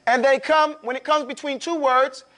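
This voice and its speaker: A man's voice: very high-pitched, steady tone, moderate pace, sharp tone. A man teaching Quran recitation to a class, drilling pronunciation and checking in often. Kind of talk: classroom lesson.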